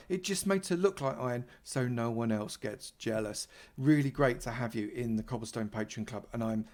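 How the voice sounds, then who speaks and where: A man's voice: mid-range voice, normal speed, a little mellow. A man, giving casual, playful commentary while playing Minecraft and thanking supporters. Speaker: Minecraft YouTuber.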